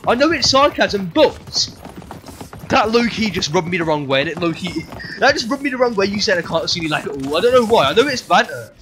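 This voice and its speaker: A man's voice: sits high, big pitch swings, fairly quick, a bit bright, slight background noise. A young man livestreaming a game, bantering with chat in a sweary, joking way. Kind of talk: live game streaming chat.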